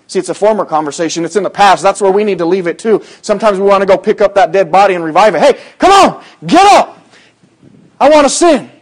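Preacher, man, high-pitched, conversational sermon with sudden loud acted-out lines.

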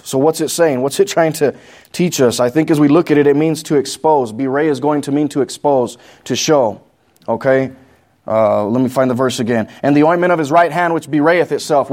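Man, New Mexican accent, Bible teaching sermon, fairly high voice, reads verses then explains. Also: a little mellow. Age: adult. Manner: explains plainly, reads scripture aloud, asks the congregation questions. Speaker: pastor.

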